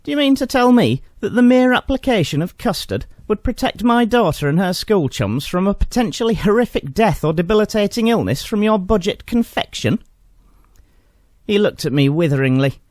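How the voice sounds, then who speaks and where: A man's voice: a little high, sing-song, moderate pace, no room sound, clean studio sound. A man voicing a prim, indignant mother who complains to a shop clerk and slips into swearing. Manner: indignant, genteel then sweary.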